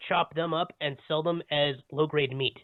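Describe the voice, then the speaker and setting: A man's voice: on the high side, steady tone, normal speed, no room sound. A man co-hosting a casual podcast from home, rambling and cutting himself off, with frequent chuckles. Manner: rambling, self-interrupting, chuckling. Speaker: podcast co-host. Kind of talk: casual chat. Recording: tinny phone-like dry sound.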